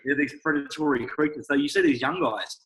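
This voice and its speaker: Podcast guest, forties, blunt and profane, bright and forceful tone. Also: male voice, on the high side, fairly quick, poor audio. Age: 40s. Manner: blunt, profane, animated storytelling. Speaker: sales coach guest. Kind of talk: casual podcast chat.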